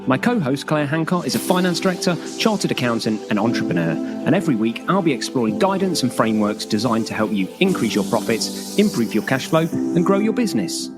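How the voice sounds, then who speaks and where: A man's voice: medium pitch, big pitch swings, loud music behind the voice. A man hosting a business podcast, chatting in a playful, jokey way with his co-host. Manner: playful, jokey, quick banter. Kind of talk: casual business podcast chat.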